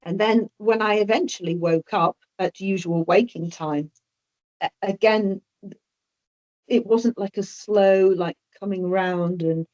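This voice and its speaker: A woman's voice: medium pitch, fairly even intonation, slow pace, a little mellow. A woman telling a personal story as an interview guest, hesitant and often repeating or restarting her words. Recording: dull lo-fi audio.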